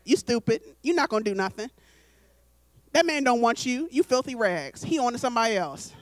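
A woman's voice: a little high, sing-song, brisk, no echo, voice pushed down. A woman voicing the devil as he taunts a listener with scornful lies. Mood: taunting. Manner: scornful, cutting.

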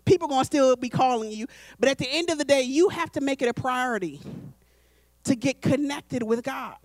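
Woman preacher, high voice, dry close sound, conversational sermon, deliberate. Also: no echo. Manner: conversational, deliberate, slows for emphasis.

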